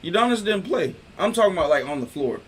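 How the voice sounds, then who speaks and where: A man hosting a casual sports talk stream, riffing in loose, slangy, animated talk. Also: sits high, quick pace, a little hiss or hum. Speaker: host.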